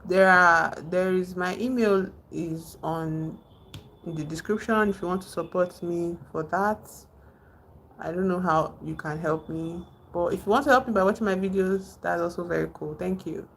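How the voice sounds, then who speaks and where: A woman's voice: on the low side, normal speed, a bit bright, slight background noise. A woman with a Nigerian accent hosting a casual livestream, rambling as she retells film scenes and greets viewers in the chat. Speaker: livestream host.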